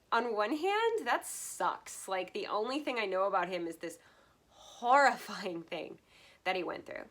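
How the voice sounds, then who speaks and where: A woman's voice: medium pitch, fairly bright tone. A woman from the United States giving a casual vlog book review, earnest and heartfelt, laughing often between thoughts.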